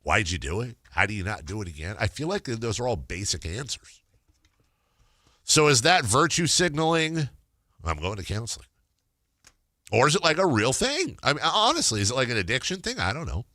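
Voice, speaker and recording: A male sports radio host with a bright, forceful voice that swings all over the place. He talks in a sarcastic, jokey way, breaking into loud outbursts, recorded dry and close on a studio mic. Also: mid-range voice, sing-song, fairly quick, no room sound. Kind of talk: sports talk radio banter. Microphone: studio microphone.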